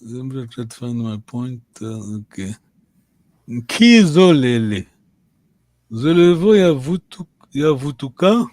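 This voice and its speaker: A man teaching a language lesson, giving slow, patient and encouraging drills. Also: mid-range voice, big pitch swings, darkish tone, no echo.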